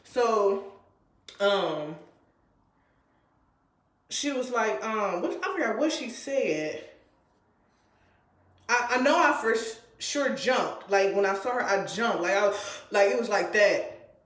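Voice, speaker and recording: A woman's voice: medium pitch, lively intonation, slow pace, long pauses, fairly bright tone, roomy sound. A woman vlogger telling a personal story in a casual, rambling way, full of fillers and restarts. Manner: rambling, filler-heavy retelling.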